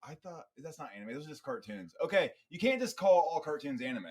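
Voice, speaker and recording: A man's voice: on the high side, big pitch swings, quick pace, husky. A young man co-hosting a podcast in a casual chat, joking and teasing with plenty of swearing. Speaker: podcast co-host.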